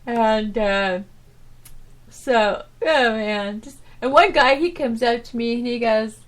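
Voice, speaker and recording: A woman hosting her own podcast, telling stories from her old job in a rambling, animated way, full of restarts and "you know"s. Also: fairly high pitch, takes it slowly. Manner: animated, swinging from loud to soft. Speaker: podcast host. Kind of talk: casual storytelling monologue.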